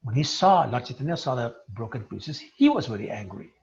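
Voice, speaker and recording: A man's voice: mid-range voice, fairly quick, vocal fry. A man giving a devotional lecture, retelling a sacred story and putting questions to his listeners. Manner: animated storyteller who poses questions to the listeners. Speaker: religious teacher. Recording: dull lo-fi recording.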